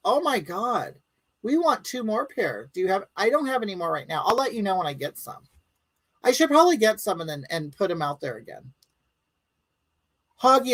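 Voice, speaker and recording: Animated woman rambling on a live stream. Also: mid-range voice, moderate pace, pauses often, poor audio. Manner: rambling, blunt and crude, talks straight to viewers. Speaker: livestream host reading viewer comments. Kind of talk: casual live-stream chat.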